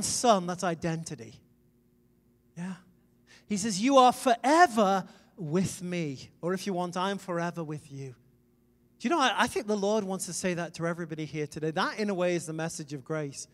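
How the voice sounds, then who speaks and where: A middle-aged man from Wales preaching a conversational sermon, emphatic, with sudden loud swells. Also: high voice. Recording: long reverb in a large hall.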